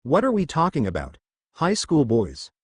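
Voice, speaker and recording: A man's voice: on the high side, wildly swooping pitch, normal speed, slightly rough, dry recording, clean studio sound, exaggerated voice. A man reading the lines of a scornful middle-aged witch woman with a slight Southern US accent, in a storybook reading. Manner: scornful, commanding.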